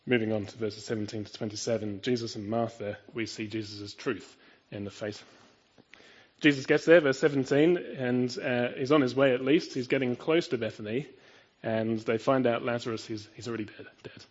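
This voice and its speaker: A man's voice: mid-range voice, steady tone, normal speed, slightly rough, dull audio. A man preaching a sermon in an earnest, emphatic way, often asking his listeners rhetorical questions.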